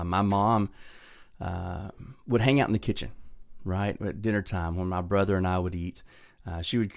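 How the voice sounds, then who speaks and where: A man's voice: lowish voice, darkish tone, no room sound, clean studio sound. A middle-aged man, hosting a motivational podcast in an earnest, heartfelt, conversational way. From Southern US. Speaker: podcast host.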